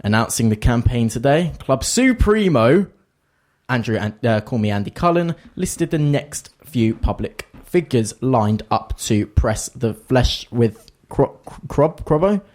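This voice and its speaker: Chuckling radio co-host. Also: male voice, mid-range voice, animated, measured pace, few pauses, darkish tone. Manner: laughs mid-read, stumbles over words. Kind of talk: comic fan radio chat, reading texts.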